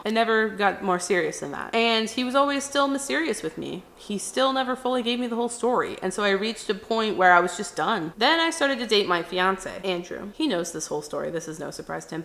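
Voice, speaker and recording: Bright-voiced young woman telling a story. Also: mid-range voice. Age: young adult. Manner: emotional, animated retelling with acted quotes. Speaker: vlogger. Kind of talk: personal storytime vlog.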